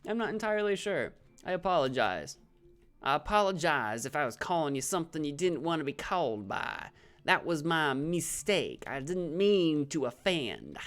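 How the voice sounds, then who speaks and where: This streamer's voice sits on the high side, with a sing-song lilt at normal speed and a slightly bright sound. He chats casually about his own play, reads viewers' messages out loud, and makes self-deprecating jokes.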